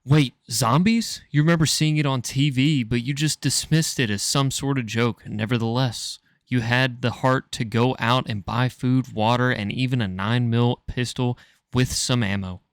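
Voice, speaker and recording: A man with a smooth, resonant voice at a middle pitch reads a choose-your-own-adventure story aloud for his podcast. He stumbles over words now and then and laughs through them, and the sound is dry and close. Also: steady tone, normal speed, dry recording. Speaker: podcast co-host reading a story.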